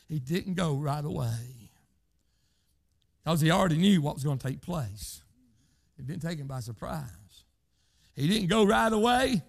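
An older preacher man with a gravelly, fry-laden voice that sits high for a man. He delivers a fervent sermon, tossing in "hey" again and again and breaking out into shouts.

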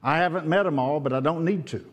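An older man preaching a sermon, telling folksy stories and swinging between loud and hushed. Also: on the high side, quick pace. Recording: long reverb, hall.

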